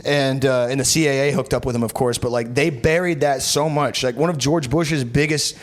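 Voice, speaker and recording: A man's voice: mid-range voice, steady tone, a little fast. A young man hosting a podcast, telling rambling comic stories in casual chat with lots of fillers. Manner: rambling storyteller, many fillers and restarts. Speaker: podcast host.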